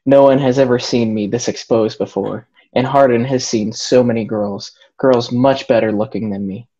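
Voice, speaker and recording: A man's voice: mid-range voice, fairly even intonation, normal speed, mellow. Man reading aloud over a dull call. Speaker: reader in a group reading. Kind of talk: casual read-aloud over video call. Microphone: video call. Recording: dull lo-fi video call audio.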